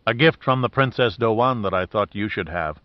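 A man reading the lines of a calm, dry-witted male adventurer in his own voice, on a dull dry recording. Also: lowish voice, moderate pace, no echo, lightly acted.

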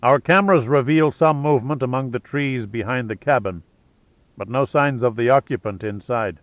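A man reading a loyal male subordinate who gives measured, deferential reports. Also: mid-range voice, no echo, close to an everyday voice. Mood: dutiful. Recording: narrow phone-like sound.

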